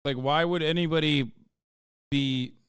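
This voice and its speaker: A man's voice: a little high, fairly even intonation, measured pace. A man in his thirties giving casual, profane reaction commentary to a show, joking asides to his chat.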